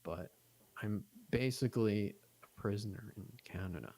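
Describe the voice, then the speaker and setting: A man's voice: lowish voice, normal speed, darkish tone. A man chatting casually as a podcast guest, rambling through stories with many fillers. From United States.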